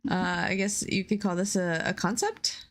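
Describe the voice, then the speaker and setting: A woman's voice: fairly low pitch, normal speed, gravelly. A woman streamer chatting casually while making pixel art, playful and laughing at herself. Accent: none, not British. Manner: playful, laughs at her own attempts at slang.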